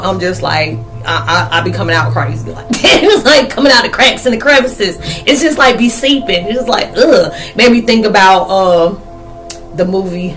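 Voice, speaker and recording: A young woman, chatting casually and playfully in a rambling spiritual vlog. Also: medium pitch. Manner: rambling, playful, laughs often. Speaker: spiritual vlogger.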